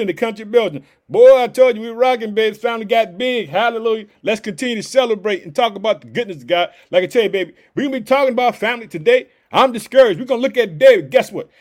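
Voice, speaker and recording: A man's voice: high voice, quick pace, few pauses. A man from hosting a devotional podcast, exuberant and preacherly, calling out hallelujah between repeated phrases. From Chicago, United States. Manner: exuberant, repetitive, shouts hallelujah often; preacherly call-and-response, folksy. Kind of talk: energetic devotional podcast talk.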